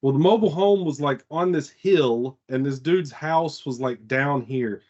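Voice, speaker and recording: A man's voice: a little high, unhurried, a little mellow, highs cut off. A man on a casual podcast telling a long story, rambling and profane, with lots of "like" fillers. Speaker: podcast co-host.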